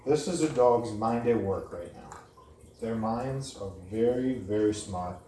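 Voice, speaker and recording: A man with a low, warm voice explains puppy training in a blunt, plain way, often adding "okay?". He is picked up from a distance by the camera, with a roomy sound and a faint hiss behind him. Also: a little slow. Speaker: dog trainer. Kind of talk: casual instructional talk.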